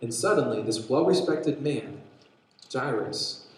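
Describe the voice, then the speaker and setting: A young man teaching a Bible story to young people, telling it with animated energy and acting out voices. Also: medium pitch, unhurried. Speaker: youth pastor. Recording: very echoey room.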